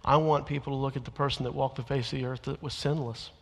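A man preaching a sermon as a church minister, earnest, rising to loud emphatic lines and dropping to quiet confessional ones. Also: medium pitch, fairly even intonation, fast, gravelly. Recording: long church reverb.

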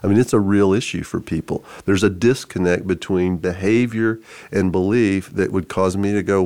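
A man telling a story on a podcast, animated, with many restarts and acted-out voices. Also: low-pitched, moderate pace, dry recording. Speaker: podcast co-host, church forum leader. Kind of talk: storytelling conversation.

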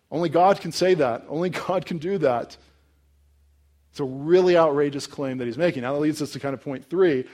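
A man's voice: on the high side, darkish tone. A young adult man preaching a sermon in a conversational, storytelling way with touches of humor. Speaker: pastor.

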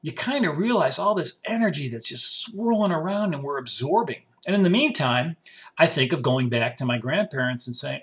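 A man's voice: fairly high pitch, very animated, fairly quick, a bit bright. A man hosting a podcast, musing aloud in a rambling personal monologue with frequent restarts. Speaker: podcast host. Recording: faint music behind.

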